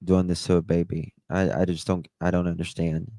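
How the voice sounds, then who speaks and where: A man's voice: low voice, level tone, warm tone, no room sound. A man hosting a live stream, talking with indignant passion and thanking his chat viewers by name. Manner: impassioned and indignant, stretching words slowly. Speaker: livestream host. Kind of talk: emotional live-stream commentary.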